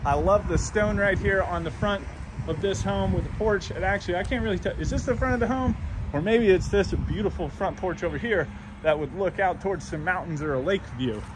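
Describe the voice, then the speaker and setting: A man's voice: high-pitched, a little fast, noisy background. A man hosting a home tour video, walking around a model house and gushing over its features in a chatty, upbeat way. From United States. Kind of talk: enthusiastic home tour walkthrough.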